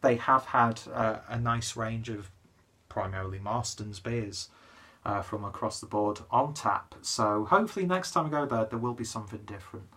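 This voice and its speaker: A man's voice: on the low side, moderate pace, bright, forceful tone. Rambling tipsy young man reviewing beer. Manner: rambling, chatty, self-deprecating, lots of fillers. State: slightly tipsy after a pub trip. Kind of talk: casual beer review vlog.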